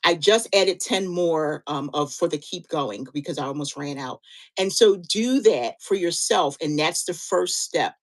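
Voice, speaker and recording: Woman, 50s, lowish pitch, chatty motivational live-stream co-host, encouraging. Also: a little slow, low-quality recording. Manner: chatty, encouraging, restarts often.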